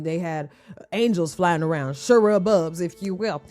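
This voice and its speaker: A woman's voice: fairly low pitch, a little slow, dark tone, faint music behind. A woman hosting a casual commentary, reacting to a clip with blunt, profane sass and joking sarcasm.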